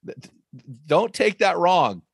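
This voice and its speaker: A man's voice: high-pitched, very animated, unhurried, gravelly, husky, dry recording, studio quality. A man speaking as a guest author, talking with energy and emphasis, repeating phrases as he tells stories. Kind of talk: emphatic faith-based storytelling.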